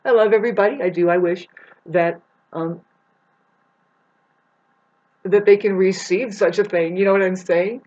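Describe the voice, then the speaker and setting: Vlogger, rambling spiritual monologue, profane, halting restarts, loud bursts and muttering, muffled lo-fi sound. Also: medium pitch, steady tone. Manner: swings between loud outbursts and muttering. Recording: muffled lo-fi recording.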